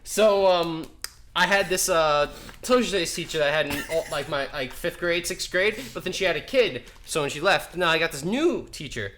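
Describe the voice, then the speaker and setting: A young man telling a school story on a casual podcast, animated and laughing as he acts out the people in it. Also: on the high side, normal speed, a little hiss or hum. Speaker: podcast co-host.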